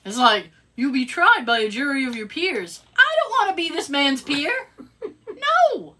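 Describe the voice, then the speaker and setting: A woman's voice: high voice, a little slow, background noise. A woman co-hosting a podcast, telling a story in casual chat with sarcastic asides and acted-out quotes. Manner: animated, sarcastic, acts out quotes. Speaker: podcast co-host.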